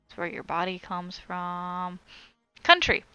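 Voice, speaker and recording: A woman's voice: lowish voice, fairly even intonation, takes it slowly, sharp tone, smooth, dry recording, dull audio. A woman on a crochet live stream, chatting casually as she reads viewer comments aloud and answers them.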